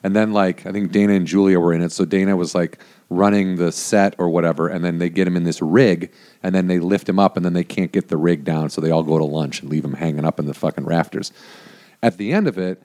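This is a man with a somewhat low voice, chatting casually as a guest. He tells stories in a loose, rambling way, peppered with "like" and the odd curse. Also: steady tone, quick pace, warm tone. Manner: rambling, many "like" fillers, frequent swearing. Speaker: guest, former prank show producer. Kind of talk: casual storytelling chat.

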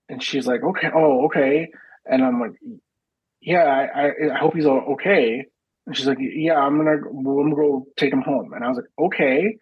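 Husky-voiced man telling a wild story. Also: on the high side, no room sound, low-quality recording. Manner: profane, animated retelling with quoted dialogue. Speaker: podcast co-host. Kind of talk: casual comedic storytelling.

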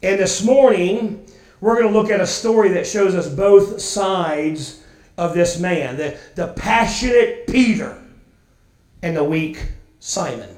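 A male pastor preaching a sermon, telling stories lively and acting out quotes, often repeating words as he goes. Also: high-pitched, slow, echoey room, poor audio. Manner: animated storyteller, acts out quotes, repeats words.

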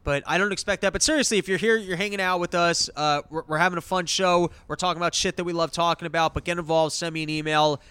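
A man's voice: fairly high pitch, steady tone, fast talker, hardly any pauses, pushed and bright, smooth, dry recording. A man hosting a podcast, ranting and swearing in casual chat. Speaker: podcast host.

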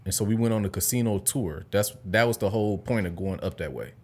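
A young man from Detroit with a lowish voice chats casually on a podcast. He talks in a relaxed, slangy way and laughs easily between thoughts. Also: fast. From Detroit, Michigan. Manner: laid-back, laughs often, slangy. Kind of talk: casual chat.

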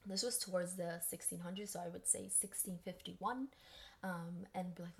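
A woman's voice: fairly low pitch, moderate pace, gravelly. Chatty woman telling a story. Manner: chatty, animated, acts out quoted voices. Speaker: podcast host. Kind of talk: casual storytelling.

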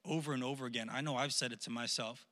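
Bright-voiced youth pastor in a reverberant hall. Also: male voice, mid-range voice, fast talker. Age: 30s. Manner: casual, repeats words, animated emphasis. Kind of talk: youth sermon.

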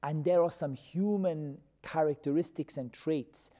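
A man teaching a Quran commentary class, who questions his students and repeats key terms slowly. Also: fairly high pitch, dark tone. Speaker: religious teacher. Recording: long reverb of a hall.

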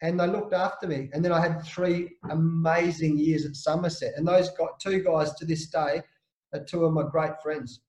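A man from Australia, a former cricketer, telling a lively, emphatic anecdote as a podcast guest. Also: on the high side, normal speed. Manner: lively, emphatic storyteller, slangy. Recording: roomy echo.

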